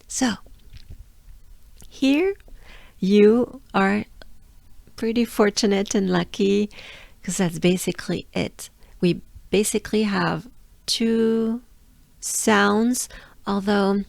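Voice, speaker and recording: French woman, tired voice, slow unhurried pace, gravelly, dry close sound, pronunciation coach. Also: mid-range voice, animated, a little mellow, no room sound. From France. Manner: patient, drills sounds slowly with repetitions. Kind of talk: pronunciation lesson.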